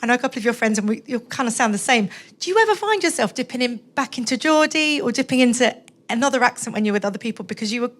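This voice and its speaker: Woman from Brazil, high-pitched, fast, friendly, rambling audience question. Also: lively intonation. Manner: friendly, rambling, talks quickly. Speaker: audience member asking a question. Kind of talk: live Q&A question. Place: bookshop event audience.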